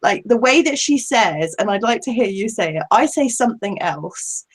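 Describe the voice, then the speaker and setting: A woman's voice: mid-range voice, lively intonation, normal speed, breathy edge. English woman, casual chat guest, laughs a lot and pokes fun at herself. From England. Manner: giggly, rambling, self-deprecating. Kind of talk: casual live-stream chat.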